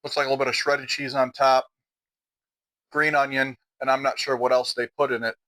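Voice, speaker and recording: A man's voice: mid-range voice, flat delivery, brisk, sharp tone, rough recording. A middle-aged man with a Midwestern American accent, chatting casually on his home vlog while he eats dinner and sometimes talks with his mouth full. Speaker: outdoor vlogger.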